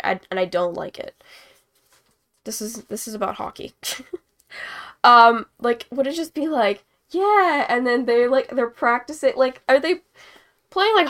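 A woman's voice: a little high, a bit bright. A young woman hosting a casual live-stream hockey chat, rambling and giggly while she paints as she talks. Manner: rambling, giggly, self-deprecating. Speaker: host.

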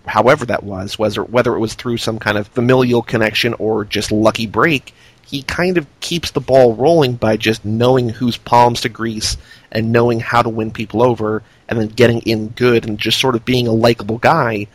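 A man's voice: mid-range voice, normal speed, husky, no room sound. A man hosting a film podcast, talking through a movie in a casual, analytical, rambling way.

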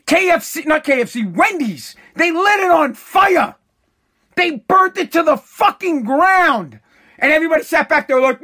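High, bright-voiced heated political ranter. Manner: heated, profane, repetitive with restarts. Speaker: political commentator. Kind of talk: angry political rant to camera.

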